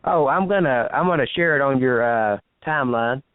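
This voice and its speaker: A man's voice: mid-range voice, normal speed, no room sound. A man hosting a podcast interview, hesitant, with many fillers. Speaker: podcast host. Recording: dry phone-line audio.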